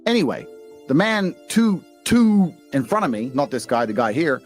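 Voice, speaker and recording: A man's voice: a little high, normal speed, soft background music. A man with a British accent, telling stories in a brash, profane, boastful way as a podcast guest. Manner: profane, boastful, animated storyteller. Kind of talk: brash storytelling chat.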